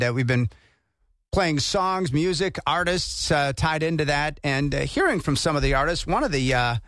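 A man hosting a radio show, chatting in a relaxed way and introducing songs. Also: fairly high pitch, no room sound, clean studio sound. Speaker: radio host. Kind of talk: casual radio chat.

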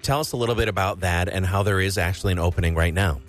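A man's voice: sits low, fast talker, faint music behind. A man hosting a casual on-air chat, enthusiastic and talkative, tasting food while he speaks. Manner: chatty, enthusiastic, talks while eating. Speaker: radio show host.

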